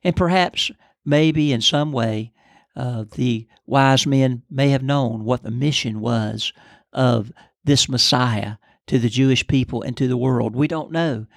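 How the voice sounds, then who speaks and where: A man's voice: medium pitch, vocal fry, a bit bright, no echo, studio quality. An older man co-hosting a podcast, telling a story and then praying in an earnest, preacherly way. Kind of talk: storytelling and prayer.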